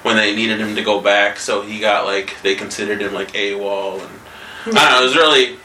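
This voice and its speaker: A man's voice: fairly low pitch, fairly even intonation, moderate pace, bright, forceful tone, recorded from a distance, a little hiss or hum. A man co-hosting a podcast in casual chat, rambling loosely, swearing freely and laughing often. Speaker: podcast co-host. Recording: roomy echo, a bit off-mic.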